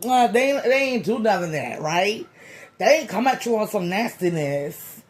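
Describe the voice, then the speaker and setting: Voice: medium pitch, animated, moderate pace. A tarot reader giving a comedic reading in a loose, slangy, playful way, with profane jokes and lots of repeated phrases. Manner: profane joking.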